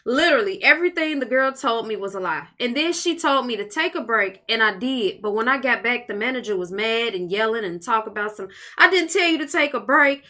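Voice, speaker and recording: Brief: female podcast co-host, high bright voice, easygoing and laughs easily. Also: animated, brisk, hardly any pauses. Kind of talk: casual chat.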